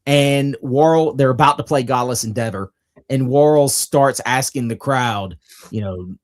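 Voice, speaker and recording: A man's voice: medium pitch, dry recording, clean studio sound. A man co-hosting a podcast, telling stories and reading out lists at an easy pace in casual chat. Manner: laid-back storyteller, reads lists slowly. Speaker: podcast co-host.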